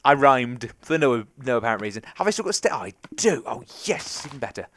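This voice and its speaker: A man's voice: mid-range voice, sing-song, a little fast, a bit bright. A young man with an English accent, rambling and talking to himself as he comments on his own gameplay. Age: young adult. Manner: chatty, rambling, self-talking. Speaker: gaming commentator. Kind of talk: casual let's play commentary.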